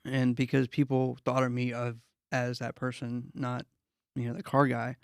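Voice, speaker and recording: A man's voice: medium pitch, completely flat delivery, normal speed, creaky, clear, resonant tone, dry recording, clean studio sound. A man from the East Coast, hosting a podcast, talking in a laid-back, rambling way with many fillers. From East Coast of the USA. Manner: laid-back, rambling, full of "like" and "you know". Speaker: podcast host. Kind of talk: casual interview talk.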